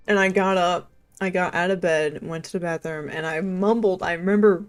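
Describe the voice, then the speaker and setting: A woman's voice: mid-range voice, normal speed. A young woman livestreamer chatting casually and rambling, filling her talk with "like" and "um" and laughing often. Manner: rambling, chatty, heavy use of "like" and "um"; laughs often between sentences. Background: faint game music.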